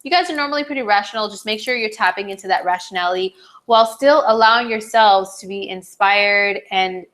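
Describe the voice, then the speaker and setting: Woman astrologer host, casual live-stream delivery, chatty with filler words, slightly hoarse, mid-range voice. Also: medium pitch, brisk, fairly bright tone. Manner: chatty, lots of "like" and "um", reads viewer comments aloud. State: slightly hoarse, clearing her throat.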